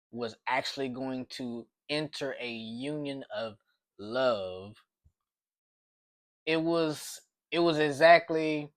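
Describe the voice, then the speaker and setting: A man's voice: mid-range voice, fairly bright tone, no echo. Rambling man telling a story, dry sound. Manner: rambling, with frequent restarts and repeats. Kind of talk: casual spoken storytelling.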